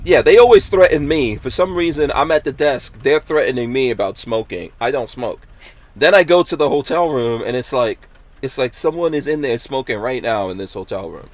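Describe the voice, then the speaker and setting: A man's voice: medium pitch, animated, normal speed, no echo. A man hosting a podcast, chatting casually, laughing often and reading viewer comments aloud. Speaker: podcast host. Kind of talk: casual chat.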